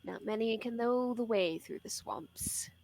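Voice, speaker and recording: A woman voicing a shrewd wandering river merchant who often drops to a hushed half-whisper. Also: fairly high pitch, a little slow, vocal fry, rough recording. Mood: scheming.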